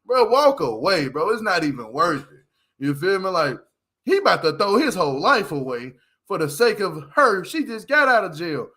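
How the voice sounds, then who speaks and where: Slangy, high-voiced man recapping TV. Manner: slangy, animated, laughs often. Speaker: reality TV recap host. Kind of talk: casual commentary vlog.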